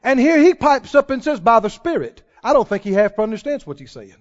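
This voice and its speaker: A man preaching a sermon as a pastor, animated, laughing often and calling out to the congregation. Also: very high voice, fairly quick, highs cut off.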